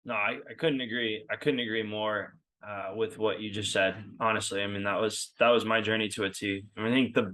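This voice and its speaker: A man telling a story in casual talk, animated and acting out the quoted dialogue. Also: medium pitch.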